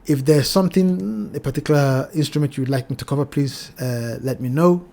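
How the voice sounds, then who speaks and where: A man hosting a trading channel, walking through price charts in a cautionary tone, repeating his warnings and addressing viewers as ladies and gentlemen. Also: mid-range voice, fairly quick, creaky. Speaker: crypto trading channel host. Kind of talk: chart analysis talk.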